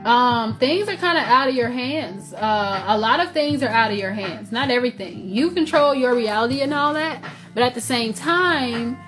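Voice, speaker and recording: A woman with a Southern US accent giving a loose, conversational tarot reading, full of fillers and restarts. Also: on the high side. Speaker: tarot reader. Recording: music playing under voice.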